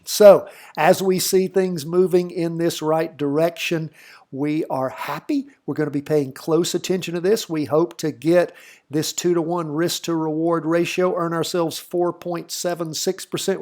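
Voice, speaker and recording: A man's voice: on the high side, darkish tone. Chatty Southern man talking charts. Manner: folksy, chatty, thinks aloud with fillers. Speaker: trading channel host. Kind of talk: casual market commentary over charts.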